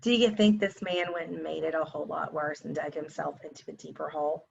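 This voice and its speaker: A woman's voice: low-pitched, fairly even intonation, brisk, gravelly, a little hiss or hum. A woman, a teacher and mother telling a casual storytime to camera in a sassy, exasperated way. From Texas. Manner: sassy, exasperated, talks straight to viewers. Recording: slightly dull lo-fi recording.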